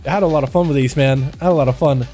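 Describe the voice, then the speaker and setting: A man streaming live, commentating game duels in an excitable, chatty way and talking to his chat. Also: medium pitch, rapid-fire, soft background music.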